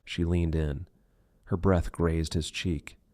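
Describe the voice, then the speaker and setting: A man reading an audiobook thriller in measured, dark scripted narration. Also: sits low, steady tone, no room sound, studio quality.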